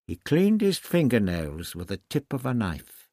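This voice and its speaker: A man reading a novel aloud in measured scripted narration. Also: medium pitch, huge pitch swings, mellow, no echo, clean studio sound. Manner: measured storytelling. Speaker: audiobook narrator.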